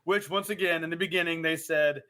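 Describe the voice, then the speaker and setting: A man's voice: on the high side, steady tone, fairly quick, bright, forceful tone. A man co-hosting a podcast in casual chat, joking and playful. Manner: jokey, playful, laughs often. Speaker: podcast co-host.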